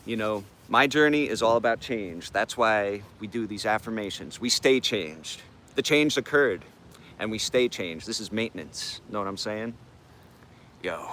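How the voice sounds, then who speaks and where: A man's voice: fairly low pitch, sharp tone, slight background noise. A man hosting a live morning affirmation stream, talking in laid-back slang and greeting chat viewers by name. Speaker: livestream host.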